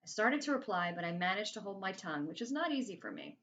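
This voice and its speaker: Reading a children's novel in a chatty first-person way, this woman speaks quickly in a mid-range, slightly bright voice with big swings in pitch. The lo-fi recording sounds a little muffled.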